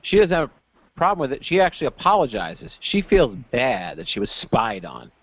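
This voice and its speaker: A man's voice: mid-range voice, very animated, moderate pace, breathy edge, dry recording, lo-fi sound. A man co-hosting a casual podcast, throwing in sarcastic quips about a movie. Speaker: podcast co-host. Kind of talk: casual chat.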